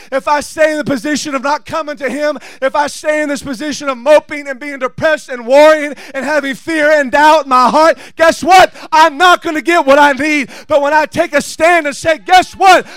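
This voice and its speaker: High-voiced man preaching a fervent sermon. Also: dry recording. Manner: builds from quiet scripture reading to shouted preaching. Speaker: pastor.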